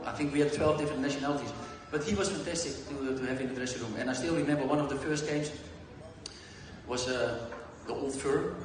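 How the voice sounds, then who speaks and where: A man's voice: medium pitch, fast talker, noisy background. Dutch guy telling footy stories at a live q&a, swears a lot, far off in a big echoey hall with the crowd chattering. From Netherlands. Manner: lively anecdotal, swears, acts out dialogue. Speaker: guest. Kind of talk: live Q and A storytelling. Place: large hall before an audience.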